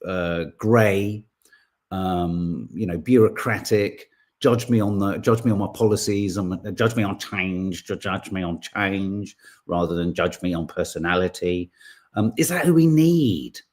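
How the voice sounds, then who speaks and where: A man, hosting a podcast in casual chat and reading out viewer comments in a rambling, animated way. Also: deep voice, a little slow. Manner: rambling, animated, full of restarts and asides. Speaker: podcast host.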